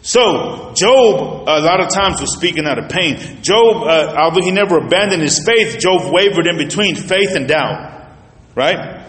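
A man's voice: on the high side, animated, measured pace, a bit bright. A male pastor preaching a conversational sermon, telling stories and speaking straight to the congregation in a casual, colloquial way. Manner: colloquial, storytelling, addresses the congregation directly. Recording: echoey reverberant hall.

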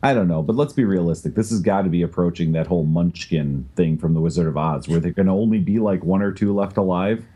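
A man's voice: deep voice, quick pace, few pauses, mellow, slightly rough. A man co-hosting a podcast, chatting in a jokey, teasing way. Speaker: podcast co-host. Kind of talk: casual podcast chat.

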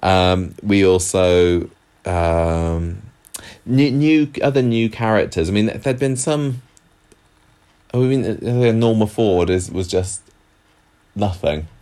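A man's voice: fairly low pitch, takes it slowly, mellow, smooth. A man co-hosting a podcast, chatting casually about an old TV soap with frequent fillers and restarts. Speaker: podcast co-host. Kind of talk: casual chat.

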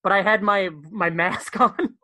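Bright, rambling podcast guy. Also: sits high, no room sound. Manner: rambling, jokey, talks fast and repeats words. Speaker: podcast co-host. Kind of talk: casual chat. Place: bedroom at home.

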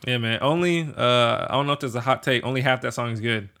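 A young man co-hosts a laid-back podcast, his voice bright and clear. He rambles through his points with plenty of fillers. He laughs easily and gets animated when he argues. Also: medium pitch, quick pace. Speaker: podcast co-host. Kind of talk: casual chat.

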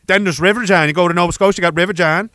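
A man's voice: high-pitched, steady tone, racing, sharp tone, no echo, studio quality. A man voicing a boorish, crude small-town male hockey fan who boasts in drawling slang. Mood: boastful.

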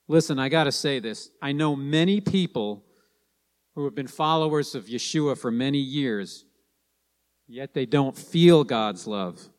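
A man's voice: medium pitch, big-room sound. A man preaching a sermon to his congregation, stressing points and repeating key lines.

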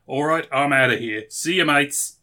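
A man putting on a loud, chummy Australian accent as a cheerful wrestling reviewer. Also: on the high side, normal speed. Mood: cheery, loud. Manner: loud and chummy, slangy sign-off.

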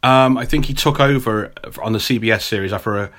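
A man co-hosting a podcast in casual, wry conversation, often trailing off lower at sentence ends. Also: quick pace, fairly bright tone. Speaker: podcast co-host. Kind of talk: casual chat.

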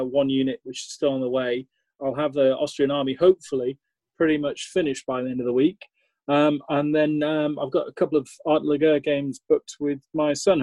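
A man's voice: fairly high pitch, flat delivery, normal speed, dark tone, no room sound, rough recording. A man casually describing his plans, hesitant with many ums and understated humour. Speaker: podcast regular. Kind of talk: casual chat.

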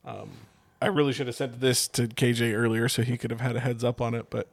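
A man's voice: medium pitch, level tone, fast talker, creaky, dry recording, clean studio sound. A young man co-hosting a podcast, telling stories in a laid-back way, swearing freely and laughing often. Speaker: podcast co-host. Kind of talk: casual chat.

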